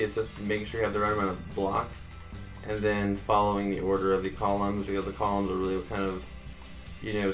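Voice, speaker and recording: Man, tutorial host, chatty, low pitch, faint music underneath. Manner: chatty, addresses viewers as guys, counts blocks aloud. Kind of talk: casual building tutorial narration.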